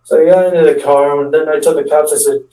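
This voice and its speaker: A young man telling a prank story in a rambling, stop-start way, often acting out what people said. His voice sits a bit high and sounds soft and mellow. He is picked up from a distance in an echoey room. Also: steady tone, fast. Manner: rambling, restarts often, acts out quotes. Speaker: stand-up comedian telling a story.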